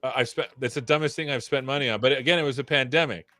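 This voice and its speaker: A man's voice: mid-range voice, rapid-fire, sharp tone, no echo, clean studio sound, soft background music. A man hosting a casual tech livestream, joking around and poking fun at himself. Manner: joking, self-deprecating. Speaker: tech show host.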